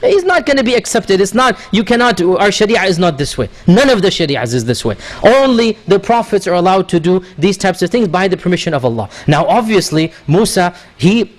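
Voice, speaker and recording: A man preaching, retelling a story with animated delivery and frequent rhetorical questions. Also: high-pitched, fairly quick, few pauses. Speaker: religious teacher. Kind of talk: sermon storytelling.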